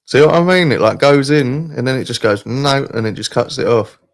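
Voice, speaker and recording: A man's voice: mid-range voice, expressive, fairly quick. A man hosting a live call-in stream, talking in a laid-back, rambling way and swearing casually. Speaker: stream host.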